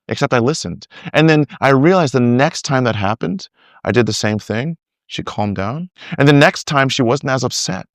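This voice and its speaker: A middle-aged man telling stories on a podcast about discipleship. He talks in an animated way, acts out what people say, and often restarts his sentences. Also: mid-range voice, moderate pace, dry recording, clean studio sound. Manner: animated storyteller, acts out quotes, many restarts. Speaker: discipleship teacher, guest. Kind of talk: conversational podcast interview.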